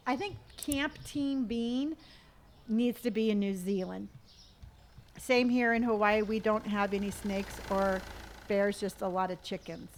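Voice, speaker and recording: A woman's voice: mid-range voice, fairly bright tone, a little hiss or hum. A middle-aged woman chatting casually on a live stream while she plays, reading viewer comments aloud and humming to herself. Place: at home.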